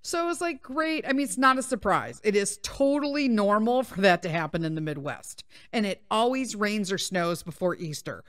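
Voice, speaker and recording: Woman podcast host, casual storytelling, swears a lot, animated, dry close mic. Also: medium pitch, normal speed, hardly any pauses, no room sound. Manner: profane, animated, laughing.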